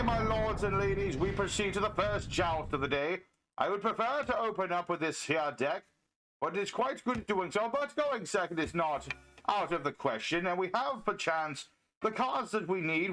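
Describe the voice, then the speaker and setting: A man's voice: fairly high pitch, a bit bright, poor audio. A man commentating a card game while playing a pompous noble knight, with theatrical archaic phrasing.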